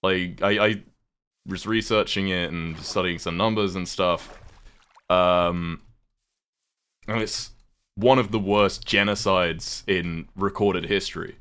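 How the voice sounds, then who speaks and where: Low-voiced British man streaming. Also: steady tone, takes it slowly, long pauses, a bit bright, clear, resonant tone. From United Kingdom. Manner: rambling, swears casually, thanks viewers. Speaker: livestreamer. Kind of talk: casual chat while gaming.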